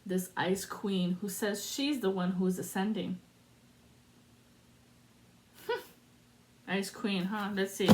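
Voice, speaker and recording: A woman with a high-leaning, fairly bright voice gives a solo spiritual card reading to camera at a slow pace. She's dramatic and sassy, tossing in salty asides, swearing, and breaking into sung lines.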